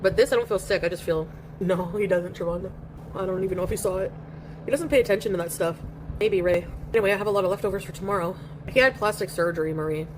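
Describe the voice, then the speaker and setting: This fast-talking woman, medium in pitch, is heard over background noise. She's live streaming at home, chatting in a rambling, casual manner and reading comments aloud between bites.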